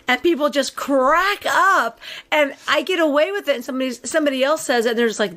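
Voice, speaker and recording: A woman's voice: high-pitched, animated, fast, fairly bright tone. A woman co-hosting a casual podcast, talking in a rambling, sarcastic way and laughing often. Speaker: podcast co-host.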